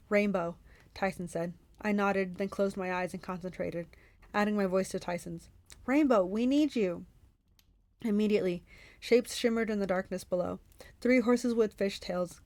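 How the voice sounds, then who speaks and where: A woman reading a novel aloud for a book club, in steady first-person narration. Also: medium pitch, dry recording.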